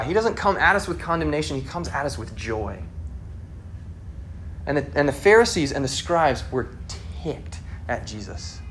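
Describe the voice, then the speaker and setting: A man's voice: on the high side, fairly bright tone, slight background noise. A man preaching a sermon in a casual, conversational way, acting out the people he quotes. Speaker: pastor.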